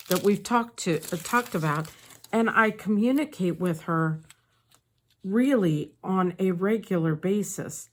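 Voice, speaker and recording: A woman chatting casually while decorating her planner, telling a story with soft asides. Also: on the low side, slight background noise. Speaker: planner vlogger. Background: faint paper crinkling and sticker sounds.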